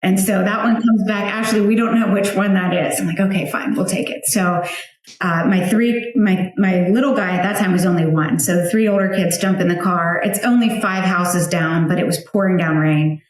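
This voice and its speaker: A woman's voice: lowish voice, steady tone, normal speed, very echoey. A woman in her thirties or forties, a mother of four, telling a heartfelt personal story in a chatty, emotional way with many fillers. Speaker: guest, founder of a flower outreach for widows.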